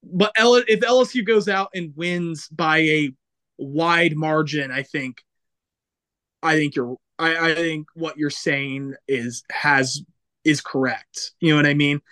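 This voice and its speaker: A young man with a high voice co-hosting a sports podcast, recorded dry and close with no room sound. He talks casually and hesitantly, restarting phrases as he works through an argument. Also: slow, pushed and bright, no room sound. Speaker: podcast co-host.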